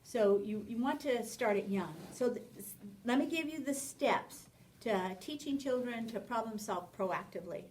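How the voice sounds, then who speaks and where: A woman teaching a parenting class, lively, acting out short exchanges with children as she explains. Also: fairly high pitch, normal speed, recorded from a distance, slight background noise, poor audio. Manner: animated, acts out little dialogues with children. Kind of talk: spoken class lecture.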